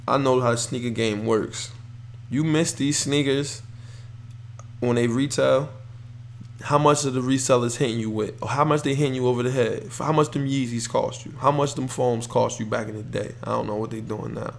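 Young guy with a gravelly voice, rambling podcast rant, all fired up and full of likes and ums. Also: medium pitch. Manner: excitable, rambling, full of fillers and restarts. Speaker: podcast host. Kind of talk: casual solo sports talk.

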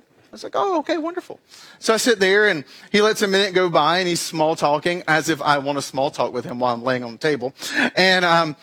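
Young man, high bright voice, animated storytelling, acts out voices and sound effects. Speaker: speaker giving a weekly message. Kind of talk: storytelling talk.

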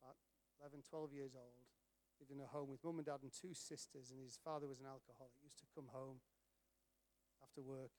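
A middle-aged man telling an animated story to an audience, acting out the voices of the people in it. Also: medium pitch, brisk. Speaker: speaker at a charity event. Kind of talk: storytelling talk.

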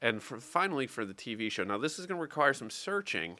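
A man's voice: medium pitch, sing-song, fast talker, pushed and bright, dry recording. A man from Wales, co-hosting a casual podcast chat and rambling through recommendations with frequent restarts. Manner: rambling, hesitant, with many restarts. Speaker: podcast co-host.

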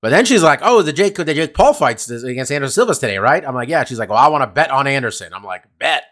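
A man's voice: on the high side, very animated, fast, a bit bright. A man co-hosting a podcast, chatting casually in a rambling, profane way with lots of fillers. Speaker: podcast co-host. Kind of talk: casual chat. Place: California.

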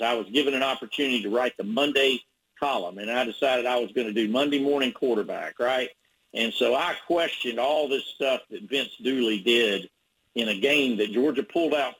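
A man's voice: mid-range voice, fairly bright tone, slightly rough, low-quality recording. A man, a sports reporter, telling stories in a casual radio interview, rambling with many fillers and restarts.

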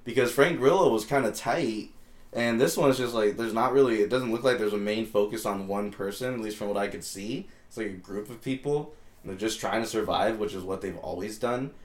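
A laid-back man co-hosting a podcast in a casual chat, swearing freely. His voice sits a bit low. The room has a roomy echo. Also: brisk. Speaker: podcast co-host.

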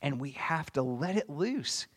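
A man with a high, light voice delivers a sermon as a pastor. He preaches earnestly, poses question after question to his listeners, and rises into emphatic bursts before dropping back down. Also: animated, unhurried, slightly rough.

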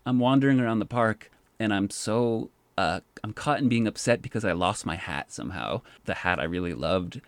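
A man who works as a park poet, telling stories in a casual, animated way and filling his speech with "like". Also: low-pitched, dry recording. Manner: animated, says "like" often. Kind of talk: casual storytelling.

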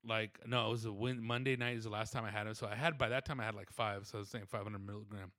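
A man's voice: on the low side, steady tone, fast talker, a bit bright, no room sound, studio quality. A man telling a rambling, slangy, profane story, dropping into voices of the people in it. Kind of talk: casual storytelling monologue.

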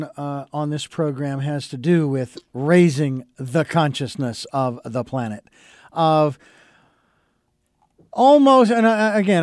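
A man with a notably high voice hosts the show, thinking aloud in a reflective, halting way. He pauses often as he gathers his words. The sound is dry and close. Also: darkish tone, smooth, dry recording. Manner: reflective, halting, with many uh fillers. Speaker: radio or podcast host. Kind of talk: casual interview talk.

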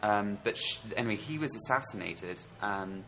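A man's voice: lowish voice, moderate pace, bright, forceful tone, a little hiss or hum. A man with a slightly posh London accent, chatting casually on a podcast and rambling with many ums and self-corrections. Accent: southeastern English, London, slightly posh. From England. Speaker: podcast co-host. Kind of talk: casual chat.

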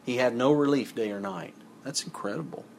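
A man's voice: medium pitch, fairly quick, a little hiss or hum. A man giving a sermon, reading scripture passages aloud and then explaining them in a conversational way with asides to his listeners. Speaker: preacher.

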